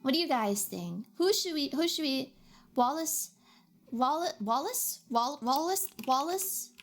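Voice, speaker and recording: Giggly high-voiced woman streamer. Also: animated, measured pace. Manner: giggly, chatty, self-interrupting. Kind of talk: casual game stream chat.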